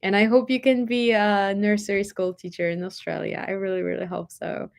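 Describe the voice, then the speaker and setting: A woman's voice: mid-range voice, level tone, fairly quick, creaky. A young woman from Poland speaking English with a light Polish accent, chatting casually with viewers and answering their comments, with many fillers. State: dry throat, coughing. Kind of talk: casual chat.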